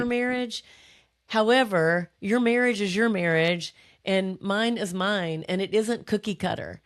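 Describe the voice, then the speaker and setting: Woman, podcast host, mid pitch, earnest, affirming, conversational.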